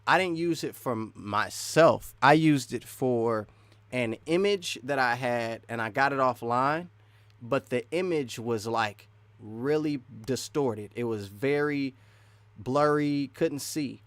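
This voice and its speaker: A man's voice: mid-range voice, slow, a bit bright, dry recording. A man hosting a casual live stream, rambling and restarting sentences as he chats with viewers. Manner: rambling, restarts often, laughs between thoughts.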